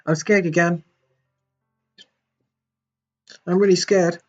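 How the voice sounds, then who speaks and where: A man voicing a cheerful but fragile young girl from a game, speaking high and wavering as if near tears. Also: fairly even intonation, a little fast, lo-fi sound, faint music behind. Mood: scared.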